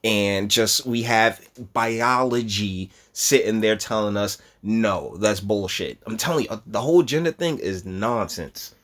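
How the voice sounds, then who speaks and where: A man hosting a casual reaction commentary, talking in an animated, rambling way with repeated words and laughs. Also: lowish voice, a little slow, few pauses. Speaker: commentary channel host.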